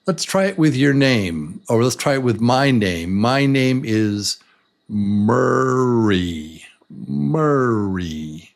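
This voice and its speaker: A man teaching a beginner English lesson, speaking slowly and deliberately and repeating words beat by beat. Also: medium pitch, very animated. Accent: American. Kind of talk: slow, patient beginner lesson.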